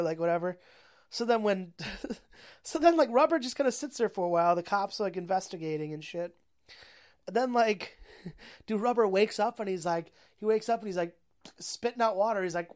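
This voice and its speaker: A young woman tells a film's story in a loose, rambling way, swearing freely and packing her talk with fillers. Her voice sits at an ordinary middle pitch. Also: moderate pace, darkish tone. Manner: rambling, profane, laughing often, many fillers. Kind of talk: casual movie recap.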